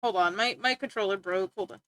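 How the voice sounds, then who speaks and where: A woman's voice: mid-range voice, fairly quick, fairly bright tone, no echo. A young woman streaming, chatting casually and rambling, easily sidetracked and giggling as she talks to her chat and friends.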